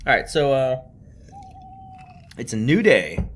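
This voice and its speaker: A man's voice: medium pitch, takes it slowly. A man casually commenting on a game and reading the hero's lines aloud. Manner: animated, chatty, reads lines aloud. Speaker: let's play host.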